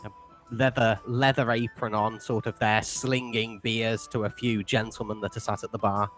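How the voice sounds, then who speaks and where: A man's voice: fairly low pitch, flat delivery, normal speed, fairly bright tone. A man running a tabletop game as game master, describing scenes in a loose, rambling way with many hesitations. Faint music plays behind him. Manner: rambling, hesitant narration with fillers.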